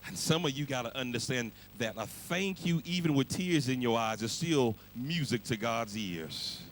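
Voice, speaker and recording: A male pastor preaching a sermon, moving from quiet, pleading passages to shouted, half-sung climaxes, with a Black church cadence. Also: mid-range voice, animated, moderate pace, slight background noise, rough recording.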